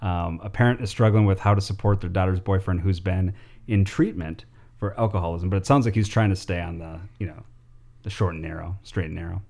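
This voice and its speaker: A man runs through his podcast segments in a relaxed, rambling way. He laughs easily and fills gaps with ums, his voice sitting a bit low. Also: fairly quick. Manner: loose and chatty, laughs easily, lots of ums. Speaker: podcast co-host presenting segments. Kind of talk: casual chat.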